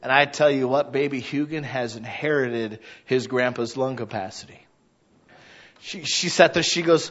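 A man in his thirties preaching a conversational sermon, animated and acting out little quoted voices. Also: medium pitch, moderate pace, raised voice, muffled recording.

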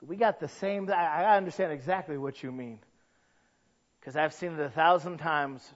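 A man preaching a sermon as pastor, dramatic, dropping soft then bursting into shouts. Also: a little high, moderate pace, dull audio.

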